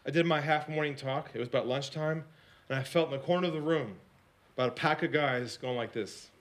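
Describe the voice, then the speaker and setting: A sales coach gives a storytelling talk at a slightly fast clip, animated throughout. He hushes his voice for quoted lines and climbs high when excited, repeats and restarts words, and frequently puts questions to the audience.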